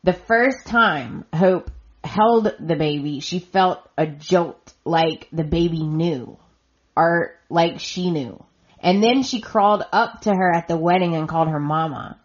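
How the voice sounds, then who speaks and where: A woman's voice: fairly low pitch, a little slow, dull audio. A woman hosting a podcast, casually recapping a soap opera in a chatty way and retelling scenes with quoted lines. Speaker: podcast host.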